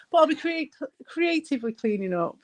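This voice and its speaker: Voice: high-pitched, very animated, normal speed, rough recording. Rambling voice, casual chat. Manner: rambling, swears freely.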